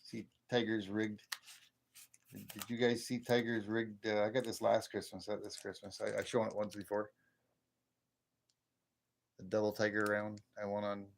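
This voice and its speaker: A man hosts a casual live stream, rambling in a folksy way and thanking viewers one by one. His voice sits low with a gravelly edge. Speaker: livestream host.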